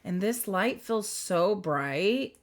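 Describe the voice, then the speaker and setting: A woman's voice: mid-range voice, lively intonation, slow. A woman giving a casual spiritual reading to a camera close to her face, rambling, laughing often and interrupting herself. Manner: rambling, giggly, self-interrupting. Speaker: spiritual reader. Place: indoors under bright light.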